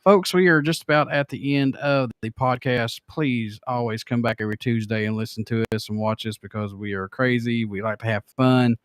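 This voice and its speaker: A man hosting a podcast in a loose, rambling, folksy manner. His voice is smooth and resonant, recorded close and dry with no room sound. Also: medium pitch, fairly even intonation, normal speed, hardly any pauses, dry recording. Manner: rambling, folksy, plain-spoken. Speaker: podcast host. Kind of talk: casual chat.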